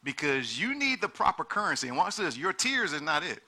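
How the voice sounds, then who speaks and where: A male pastor preaching a sermon, swinging from quiet, low passages to shouted peaks and urging the congregation on with repeated exhortations. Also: big pitch swings, fairly quick.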